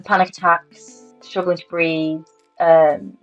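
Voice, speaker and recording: A British woman in her thirties tells her own story in a candid, matter-of-fact interview, her voice sitting on the lower side. The audio is a little dull and lo-fi, with faint music underneath. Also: flat delivery, slow. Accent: British English. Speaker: interview guest.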